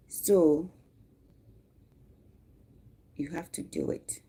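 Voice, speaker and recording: A Ghanaian woman in her forties hosts a casual livestream, talking slowly in a low-pitched, gravelly, mellow voice that is still animated. She chats in an easy, unhurried way and breaks off mid-talk to greet viewers by name.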